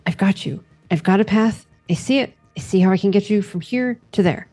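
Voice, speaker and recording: A woman's voice: medium pitch, a little fast, mellow, soft background music, close to an everyday voice. A woman voicing a sly, determined woman guide who speaks in a dry, matter-of-fact way. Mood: confident.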